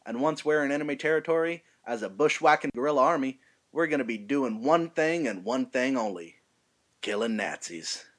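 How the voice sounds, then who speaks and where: A man's voice: mid-range voice, fairly bright tone, lightly acted. A man playing a brash, ruthless army lieutenant in a put-on Southern American drawl, swaggering as he addresses recruits. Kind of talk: amateur film monologue reading.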